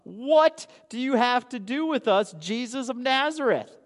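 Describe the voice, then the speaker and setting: A man voicing panicked demons trapped inside a possessed man, asking shrill, frantic questions. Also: animated, a little slow, in a large hall.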